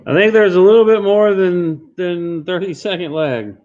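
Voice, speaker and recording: Brisk man auctioneering, lo-fi. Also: sits high, darkish tone. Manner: brisk, repeats bids. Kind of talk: live charity auction stream. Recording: dull lo-fi stream audio.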